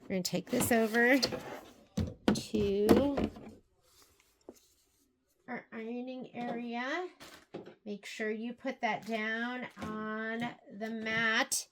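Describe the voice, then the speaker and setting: Woman teaching a sewing project, kinda high voice, chatty, faint machine hum behind. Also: a bit bright. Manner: chatty, talks straight to viewers while working. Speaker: sewing and embroidery instructor. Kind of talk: casual step-by-step craft tutorial. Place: sewing room at a sewing shop.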